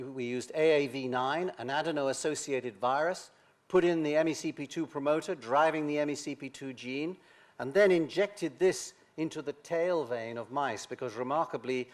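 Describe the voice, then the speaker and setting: An older man giving a science lecture, halting, with many pauses and restarts. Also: medium pitch. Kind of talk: academic lecture.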